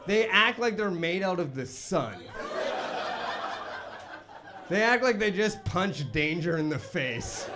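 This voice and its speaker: A man's voice: high-pitched, big pitch swings, slow, long pauses, noisy background. A young man doing a self-deprecating stand-up set on stage, rambling with restarts and fillers. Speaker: stand-up comedian. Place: basement comedy club stage. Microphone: handheld stage microphone. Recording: live club with crowd laughter. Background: audience laughing.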